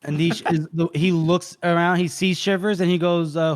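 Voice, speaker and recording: A man's voice: on the high side, level tone, moderate pace, hardly any pauses. Man recapping a story casually. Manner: retells scenes loosely, voicing characters' lines in passing. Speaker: podcast co-host recapping a novel. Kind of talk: casual chat.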